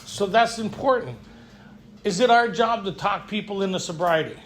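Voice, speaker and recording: High-voiced man telling rough-edged recovery stories. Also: normal speed. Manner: lively storytelling, frequent rhetorical "right?"; blunt, joking tough-guy humor. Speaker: retreat speaker. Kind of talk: recovery talk to a live group. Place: retreat meeting room.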